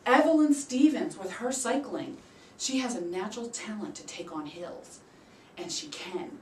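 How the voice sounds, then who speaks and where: A woman giving a prepared storytelling speech at a public speaking club. She acts out the quoted voices with big leaps in pitch and loudness. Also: expressive, measured pace, a little hiss or hum. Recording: roomy sound from a distant mic.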